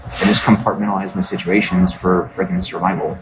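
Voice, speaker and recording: A man with a very low voice talks to his livestream viewers in a loose, rambling way, stacking up fillers and asides. It comes through a phone mic with plenty of background noise underneath. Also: level tone, brisk. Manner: rambling, filler-heavy, repeats "just saying". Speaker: livestream host. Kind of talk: casual livestream chat.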